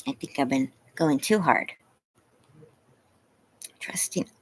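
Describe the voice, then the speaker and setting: A woman's voice: low-pitched, slow, breathy edge. A woman hosting a casual livestream, tired and a little teary, greeting viewers by name between moments of talking to her dogs. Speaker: livestream host. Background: dogs barking.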